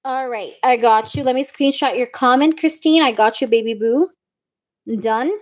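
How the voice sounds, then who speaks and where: A young woman reading tarot live, chatting warmly with viewers and calling them babe and baby girl. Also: high-pitched, normal speed. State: recovering from a wisdom tooth removal. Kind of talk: live-stream chat with viewers.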